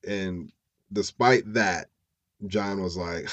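A man's voice: on the low side, expressive, a little slow, long pauses, a little mellow, muffled recording. A man hosting a podcast, retelling a story casually with profane slang. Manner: profane, slangy, chuckling asides. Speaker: podcast host. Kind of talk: casual true-crime storytelling.

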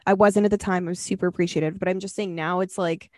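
A woman's voice: on the low side, fairly even intonation, quick pace, darkish tone, no echo, clean studio sound. A young woman co-hosting a casual podcast chat, rambling, laughing often and swearing freely. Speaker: podcast co-host.

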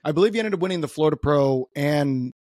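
A male podcast host asks quick follow-up questions at a brisk clip. His voice sits at a middle pitch, and the sound is dry and close. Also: lively intonation, darkish tone, no echo. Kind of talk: casual interview.

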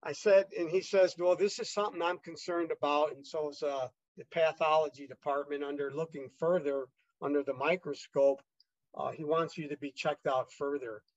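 Higher-voiced man telling a rambling story. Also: steady tone, normal speed, no room sound, highs cut off. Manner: rambling, many fillers and restarts, re-enacts dialogue. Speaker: guest telling his illness story. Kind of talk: casual conversational storytelling.

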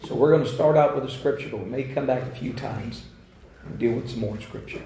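A man preaching a revival sermon in a church, fervent and rising to shouts. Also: mid-range voice, fairly quick, slight background noise. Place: church sanctuary. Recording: echoey church room.

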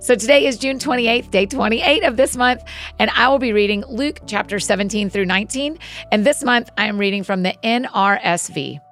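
A woman hosting a podcast, greeting listeners warmly and then reading scripture aloud at a steady pace. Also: fairly high pitch, moderate pace, soft background music. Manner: friendly, encouraging intro then steady reading.

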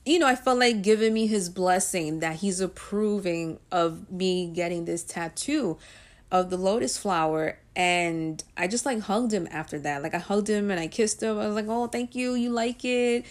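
A woman's voice: on the low side, normal speed. A woman of Guyanese and Puerto Rican heritage telling a personal story in a chatty way, with frequent ums and likes. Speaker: vlogger.

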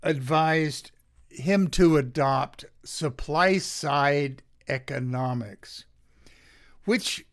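A man hosting a show, reading political commentary from his notes in a slow, sardonic way with many pauses, his throat drying out. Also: fairly high pitch. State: dry throat. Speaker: podcast host.

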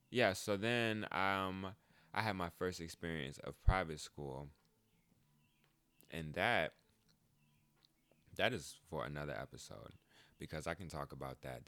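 A man's voice: sits low, a bit bright, no echo. A man hosting a podcast, telling a story in a casual, joking monologue and swearing freely. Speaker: podcast host.

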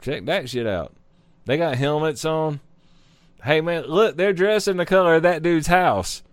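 A man's voice: a little high, unhurried. A man reading news stories aloud at his computer desk and mocking them in a casual, profane commentary, swearing freely and laughing at his own jokes. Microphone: desk microphone.

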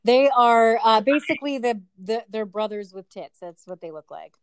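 A woman's voice: on the high side, expressive, moderate pace, smooth, no room sound. A woman co-hosting a casual chat, blunt and teasing with a dry wit. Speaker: podcast co-host.

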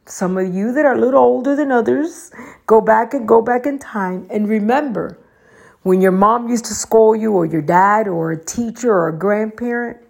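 A woman's voice: a little high, moderate pace, vocal fry, a little mellow, slightly rough. A middle-aged woman giving casual advice to her viewers, chatty and preachy, and she talks straight to them. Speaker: vlogger.

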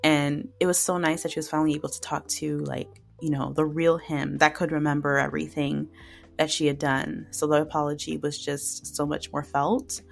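A woman podcast host talks through drama episodes in a casual, heartfelt ramble. Her voice sits low with some vocal fry. Soft music plays faintly underneath. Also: little pitch movement, moderate pace. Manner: chatty, emotional, many fillers and "like". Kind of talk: casual solo recap.

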